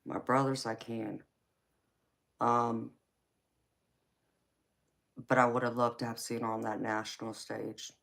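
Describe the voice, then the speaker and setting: A woman's voice: rumbling low, flat delivery, slow, vocal fry, pauses often, a bit bright. A middle-aged woman with a Southern US accent, hosting a casual live chat and calling viewers "baby" affectionately. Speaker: tarot reader and livestream host.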